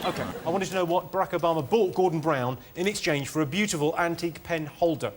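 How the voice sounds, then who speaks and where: A man hosting a TV panel quiz, reading questions in a dry, brisk way. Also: on the high side, some chatter behind. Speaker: quiz host. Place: TV studio with audience.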